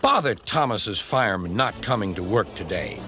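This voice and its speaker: A man voicing a dashing, eager male bus in a children's storybook, sounding excitable. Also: on the low side, normal speed, over music, natural voice. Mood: determined.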